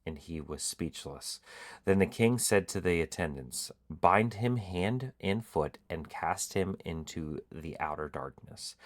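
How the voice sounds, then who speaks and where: A tired man hosting a casual faith podcast, reading scripture aloud in a relaxed, halting way with many fillers. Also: low-pitched. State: tired, yawning. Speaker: podcast host.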